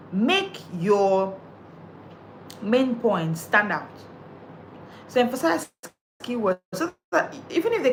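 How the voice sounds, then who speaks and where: A woman's voice: mid-range voice, slight background noise, low-quality recording. A woman confidence coach giving an emphatic, preacherly live talk, counting off numbered speaking tips.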